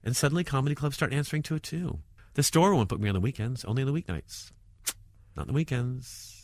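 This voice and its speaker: A man, a stand-up comedian, talking provocatively in an interview, swinging between loud jabs and muttered asides. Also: medium pitch, quick pace, dry recording.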